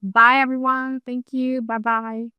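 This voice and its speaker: A woman speaking English as a second language with an accent, a podcast guest talking in a hesitant way, with many pauses and ums. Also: high voice, level tone, bright, forceful tone. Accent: non-native English. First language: not English. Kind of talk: casual interview chat.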